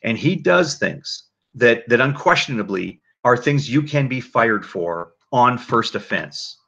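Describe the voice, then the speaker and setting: A man hosts a casual livestream, talking in a rambling, animated way. His voice is gravelly with a bright, forceful edge, and it comes through a dull, lo-fi mic. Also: mid-range voice, a little slow. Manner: animated, rambling, many restarts. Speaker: livestream host.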